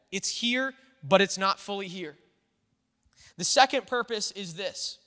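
Pastor, man, high-pitched and ringing, casual thinking-aloud sermon, long church-hall reverb. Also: bright, forceful tone. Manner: conversational, thinking aloud with the congregation. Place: church sanctuary.

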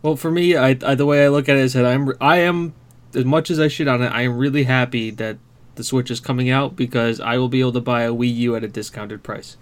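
A man's voice: medium pitch, fairly even intonation, fast. A man co-hosting a casual gaming podcast, joking and swearing freely. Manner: sweary, joking, puts on silly voices. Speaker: podcast co-host.

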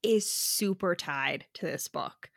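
A woman's voice: lowish voice, takes it slowly, creaky, no echo. Woman chatting with a dry, close sound. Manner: laughs often, mocking retellings of characters. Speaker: podcast co-host. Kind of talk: casual chat recapping a book.

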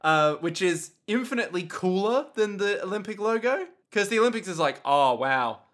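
A man co-hosting a podcast, playful and animated in casual chat. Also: high voice, a little fast. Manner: animated, playful, puts on silly voices. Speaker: podcast co-host.

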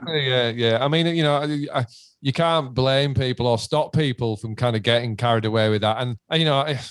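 A man, chatting casually about a hometown gig. He swears a lot and acts out quoted lines with big jumps in pitch. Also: brisk, no echo. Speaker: band member. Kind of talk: casual chat, heavy swearing.

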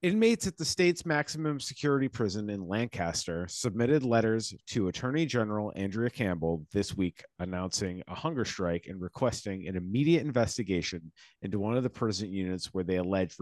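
A man's voice: on the low side, no room sound. A man with a Boston accent co-hosting a podcast, reading a news article aloud and breaking into impassioned, profane commentary. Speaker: podcast co-host.

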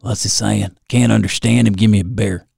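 A man voicing a mocking rich hippie man at a party, with a slow, sneering drawl. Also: lowish voice, fairly even intonation, vocal fry, mellow, husky, no room sound, clean studio sound, voice pushed down, exaggerated voice.

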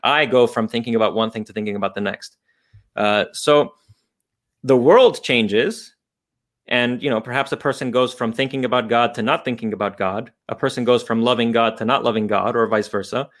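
A man's voice: mid-range voice, steady tone, normal speed, fairly bright tone. A man explaining philosophical ideas off the cuff as a guest, thinking aloud with frequent restarts and fillers.

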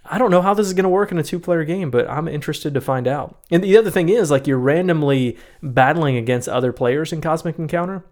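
A man's voice: a little high, fast, hardly any pauses, darkish tone. A man co-hosting a casual podcast chat, rambling and correcting himself, often laughing. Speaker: podcast co-host. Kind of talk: casual chat about board games.

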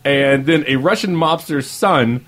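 Husky man rambling about movies. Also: medium pitch, measured pace, fairly bright tone. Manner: rambling, swearing, laughing storyteller. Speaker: film reviewer host. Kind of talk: casual podcast chat.

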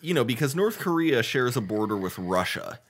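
A man's voice: mid-range voice, sing-song, moderate pace, fairly bright tone. A man co-hosting a podcast in casual chat, rambling with many fillers and the odd swear. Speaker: podcast co-host.

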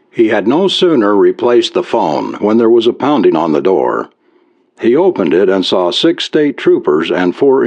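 A man reads a story aloud in a fairly low voice whose pitch rises and falls widely. He tells it in an expressive, measured way, and the recording sounds dull and lo-fi. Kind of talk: read-aloud story narration.

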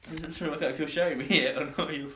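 A man's voice: fairly high pitch, fairly even intonation, very fast, pushed and bright, slight background noise. A man co-hosting a podcast and playing a party game. He grumbles in mock annoyance, swears and laughs along. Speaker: podcast co-host. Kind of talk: casual banter while playing a party game.

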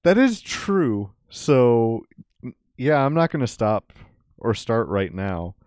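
A man's voice: mid-range voice, very animated, slow, a little mellow, dry recording, studio quality. A man hosting casual podcast chat, rambling through hesitant questions.

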